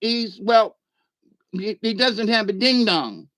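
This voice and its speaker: A man's voice: high-pitched, animated, slow, a bit bright, no room sound, pitched above the performer's own voice, heavily acted. A man voicing a whiny, defensive grown son who pleads his case in a rambling way.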